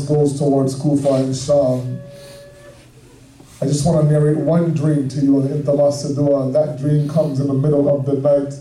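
A man preaching an emotional mourning sermon in a drawn-out style, at times shouting. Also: a little high, a little hiss or hum. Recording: echoey room, voice from far off.

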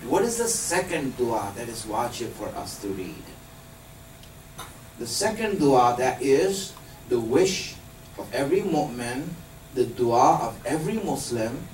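A religious teacher with a mid-range voice speaks to a live group, patiently explaining and questioning his listeners. Slight background noise accompanies the echoey room and far-off mic.

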